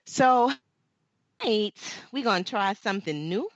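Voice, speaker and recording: A man's voice: sits high, unhurried, no room sound. Upbeat man hosting a podcast. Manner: upbeat, energetic welcome. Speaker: podcast host. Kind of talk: casual chat. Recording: dull lo-fi podcast audio.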